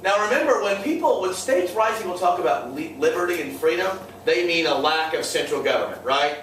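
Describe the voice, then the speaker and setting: A history teacher, quick and lively in intonation, mixes jokes and sarcasm into his lecture and keeps quizzing the class. His voice is fairly high and a bit bright, picked up by a far room mic in an echoey classroom with slight background noise.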